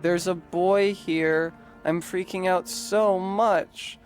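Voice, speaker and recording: A man reading aloud as a giddy, boy-crazy young woman swooning over a scent, in a slow, breathy way. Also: high-pitched, steady tone, soft background music, pitched above the performer's own voice. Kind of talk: dramatic reading of a chat post.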